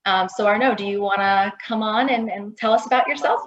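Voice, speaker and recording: Co-moderator: courteous woman, mid pitch, uses plenty of ums, echoey lo-fi line. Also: fairly even intonation, brisk. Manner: polite, with frequent ums. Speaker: attorney, co-moderator. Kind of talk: panel introductions. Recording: roomy lo-fi call audio.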